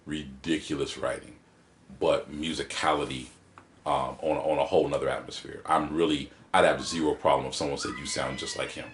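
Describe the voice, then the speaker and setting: A man with a very low voice tells stories in an interview, lively and vivid as he acts out rhythms and quotes. The room is roomy and echoey around him. He speaks as a guest poet in casual conversation. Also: moderate pace, slight background noise. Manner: animated storyteller who acts out rhythms and quotes. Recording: roomy echo.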